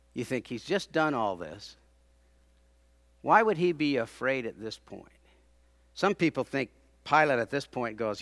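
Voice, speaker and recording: A man preaching a sermon, dramatically acting out the people he quotes, rising to loud peaks and dropping to hushed tones. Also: dry recording. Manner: dramatic, acts out quoted speakers with big swings in loudness; drops to hushed low tones for emphasis.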